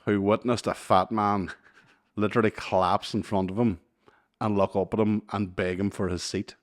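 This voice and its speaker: With a fairly low pitch at a normal speed, a podcast co-host in his thirties tells a long funny story in a casual way. He gets animated, swears often, and laughs as the story unfolds.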